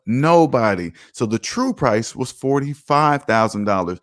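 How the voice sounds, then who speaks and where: This finance livestream host has a slightly high voice and talks at normal speed, barely pausing. Over his streaming mic he's emphatic and sure of himself, casually answering viewer comments while his volume swings energetically.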